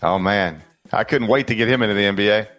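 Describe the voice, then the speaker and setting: A man's voice: lowish voice, fast talker, soft background music. A man co-hosting a casual sports podcast, reading out game picks and joking with a straight face. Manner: dry, joking deadpan. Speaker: podcast co-host.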